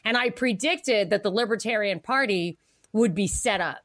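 A woman co-hosting a podcast in casual political chat, animated, laughing often and acting out the people she quotes. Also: mid-range voice, normal speed. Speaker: podcast co-host.

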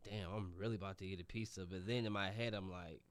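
A man, a bodybuilding competitor, giving halting, plainspoken answers in a casual interview. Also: deep voice, fairly even intonation, clear, resonant tone, no room sound. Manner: halting, repeats words, plainspoken.

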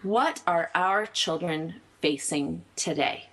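A woman with a fairly low voice guiding a casual group discussion. She steers the topic in a direct way. She sounds plain and conversational. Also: takes it slowly, gravelly, fairly bright tone, rough recording. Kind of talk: casual chat.

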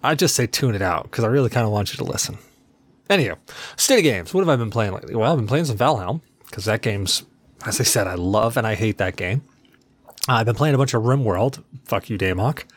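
A man hosting a podcast on his own, talking in a loose, rambling way. His voice sits a little low. He pokes fun at himself and swears without a second thought. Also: animated, fairly quick. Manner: rambling, self-deprecating, swears casually. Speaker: podcast host. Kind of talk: casual solo podcast chat.

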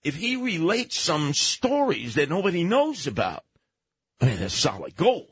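A man's voice: on the high side, wildly swooping pitch, moderate pace, slightly rough, no echo. A man hosting a radio talk show, telling stories and giving blunt, emphatic advice at a studio microphone.

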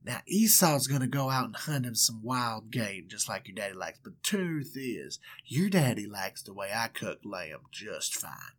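A man voicing a scheming, doting southern mother with a Southern US twang, talking in a hushed, husky drawl. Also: on the low side, big pitch swings, a little slow, hardly any pauses, pitched below the performer's own voice, exaggerated voice.

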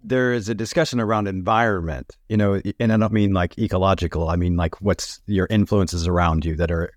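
A man's voice: deep voice, fairly even intonation, brisk, dry recording, studio quality. A man talking as a podcast guest, laid-back and chuckling as he speaks. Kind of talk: casual conversation.

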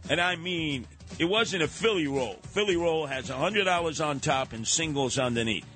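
An older man with a New York accent hosting a radio talk show, telling stories in an animated way and slipping into other voices. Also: a little high, normal speed, faint music behind.

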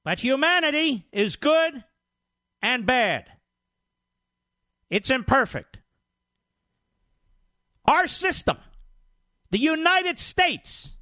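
A talk radio host, a man, delivers indignant, scornful commentary. His voice sits very high, with a sharp, bright edge and lively swings of pitch. He speaks in quick, combative bursts. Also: no echo, clean studio sound. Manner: indignant, scornful, rapid-fire.

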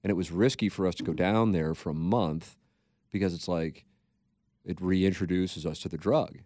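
Low-voiced man chatting candidly on a podcast. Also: fairly even intonation, normal speed, darkish tone, no room sound, studio quality. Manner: rambling, candid, swears freely. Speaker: podcast co-host. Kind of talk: casual podcast chat.

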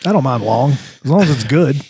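A man's voice: medium pitch, animated, brisk, dark tone, breathy edge, no echo. A man co-hosting a podcast, joking in casual banter. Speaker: podcast co-host. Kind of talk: casual chat.

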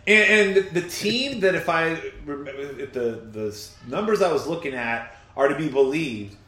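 A man co-hosting a casual sports podcast, riffing in a jokey, excitable way. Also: fairly high pitch, a little slow, roomy sound.

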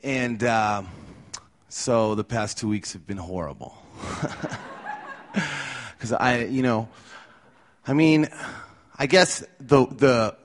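A man's voice: medium pitch, takes it slowly, long pauses. A man telling tour stories live on stage, wry and self-deprecating with a gloomy streak. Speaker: storyteller at a live show. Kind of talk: live storytelling.

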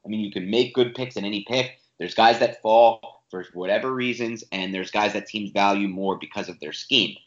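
A man's voice: fairly low pitch, moderate pace, few pauses. A man co-hosting a casual sports podcast, talking emphatically and restarting his sentences often. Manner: animated, emphatic, with frequent restarts. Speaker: podcast co-host. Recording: roomy, slightly dull home podcast audio.

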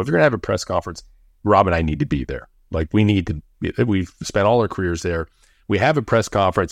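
A middle-aged man from Canada, a former pro football player, telling a story as an interview guest and lively acting out the voices he quotes. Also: fairly low pitch, dry recording, studio quality. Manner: animated, acts out quoted voices when recounting.

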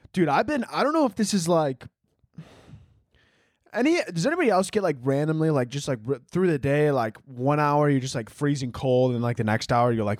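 A man's voice: medium pitch, dry recording, studio quality. A young man hosting a solo podcast, rambling and joking crudely, filling his talk with "like" and "dude". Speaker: podcast host.

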